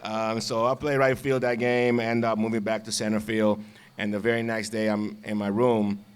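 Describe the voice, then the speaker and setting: Laid-back low-voiced man telling stories. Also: moderate pace, clear, resonant tone. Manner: laughs often, relaxed, repeats words. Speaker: guest, former baseball player. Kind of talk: casual storytelling.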